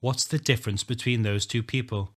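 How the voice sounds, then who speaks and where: A man's voice: medium pitch, fairly even intonation, brisk. Earnest male audiobook narrator. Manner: earnest, emotional, rising to shouting. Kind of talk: first-person story narration.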